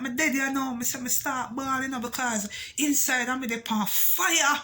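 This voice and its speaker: A woman with a Jamaican accent telling a personal story for her vlog, switching between patois and English with animated emphasis. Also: high-pitched, fairly quick, few pauses, slight background noise. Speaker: vlogger.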